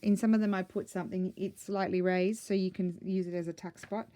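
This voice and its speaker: A woman with a lowish, mellow voice chats casually as she shows her crafts. She rambles happily, fills gaps with ums and corrects herself midway. She sounds a little out of breath. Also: a little fast. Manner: excited, rambling, many ums and self-corrections. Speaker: craft vlogger. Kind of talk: casual chatty flip-through.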